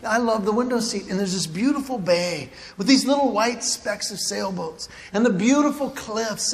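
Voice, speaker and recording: Man, high-pitched, animated storyteller who yelps in mock panic; big hall with long reverb, faint room ambience. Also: normal speed, few pauses. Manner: animated, acts out his own panic with yelps. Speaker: Christian comedic speaker. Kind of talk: storytelling stand-up talk.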